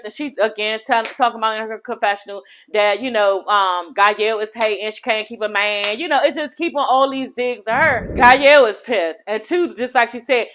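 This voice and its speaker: A woman's voice: a little high, moderate pace, a bit bright. A woman recapping a reality TV episode in a casual vlog, sassy and profane, gossiping animatedly to her viewers.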